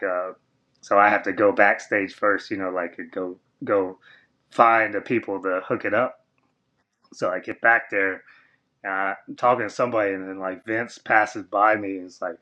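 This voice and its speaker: A man, a former wrestler, telling a long story as a podcast guest, with lots of fillers, and he jumps high and loud when he quotes other people. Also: fairly quick. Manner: rambling, filler-heavy, acts out quoted voices high and loud. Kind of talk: casual storytelling interview.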